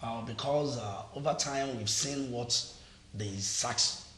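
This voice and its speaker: A man's voice: mid-range voice, slow pace, fairly bright tone, a little hiss or hum. A man with a Nigerian accent, a TV panel guest who speaks emphatically, repeats phrases and often restarts his sentences. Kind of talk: TV panel discussion. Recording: echoey studio.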